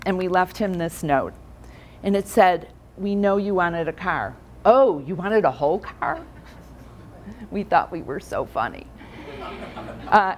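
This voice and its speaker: A middle-aged woman speaks to a live audience in a relaxed, conversational way, telling stories and asking questions along the way. Her voice sits a little low for a woman, and her delivery stays easy and direct. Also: slight background noise. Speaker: speaker for financial advisors. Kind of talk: keynote talk with stories. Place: conference room with audience.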